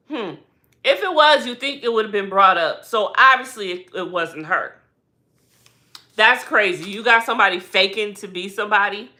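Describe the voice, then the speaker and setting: A woman vlogger giving a casual, animated recap with slangy talk and lots of rhetorical asides. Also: mid-range voice, normal speed.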